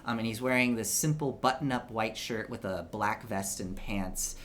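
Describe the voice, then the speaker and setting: A man's voice: lowish voice, moderate pace, a bit bright. Guy gm narrating the scene, casual and rambly, um-heavy, faint hiss under it. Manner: loose and chatty, many fillers and hedges. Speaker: game master. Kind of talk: narrating a tabletop game.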